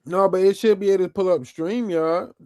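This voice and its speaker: A man's voice: high-pitched, fairly even intonation, a little fast, a little mellow. Teasing laid-back podcast host man. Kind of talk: casual chat.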